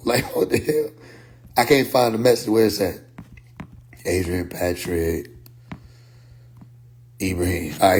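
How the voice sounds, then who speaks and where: Animated man telling a story with profanity. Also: low voice, unhurried, pauses often. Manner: animated, profane, quotes others in dialogue. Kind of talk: casual storytelling monologue.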